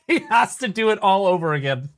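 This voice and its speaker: A man's voice: sits high, sing-song, moderate pace. A man streaming a game, commentating casually while mocking another player with profanity and laughter.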